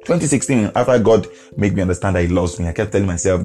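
Low, mellow-voiced man preaching. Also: fast, hardly any pauses, faint music behind. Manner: earnest, repeats phrases for emphasis. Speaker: podcast preacher. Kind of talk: devotional podcast sermon.

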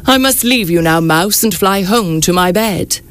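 A woman voicing a kindly old Santa Claus in a storybook read on the radio, gentle and fatherly. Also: medium pitch, animated, measured pace, a little hiss or hum, close to an everyday voice.

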